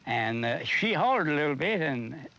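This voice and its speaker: An older man, a farmer reminiscing casually, halting and restarting often. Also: fairly high pitch, sing-song, sharp tone, a little hiss or hum. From North Carolina. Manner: halting, with many restarts and fillers. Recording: dull 1970s film soundtrack.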